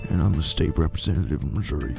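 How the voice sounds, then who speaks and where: A man voicing a folksy male state politician in a slow, low drawl. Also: creaky, loud music behind the voice, full character voice.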